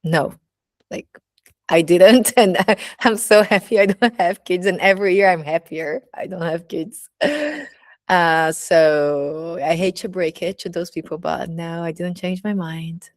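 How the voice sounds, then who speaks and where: A woman's voice: lowish voice, unhurried, no echo, clean studio sound. A woman with a Brazilian accent, a burlesque teacher speaking candidly in a casual personal monologue, full of "you know, like" fillers.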